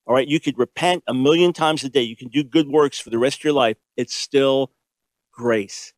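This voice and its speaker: Male preacher, mid-pitched, emphatic, rhetorical, drives points home by repetition; dry close mic. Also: moderate pace, no room sound. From grew up in a Jewish home. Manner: emphatic, repetitive, rhetorical questions, shifting pace. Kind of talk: sermon teaching.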